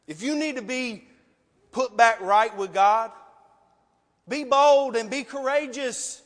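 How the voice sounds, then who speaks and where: Male preacher, high voice, passionate and pleading, heard in a hall with long reverb. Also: slow pace. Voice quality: passionate, emotional, loud at times. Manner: rhetorical questions, pleading. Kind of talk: sermon with altar call. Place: church sanctuary.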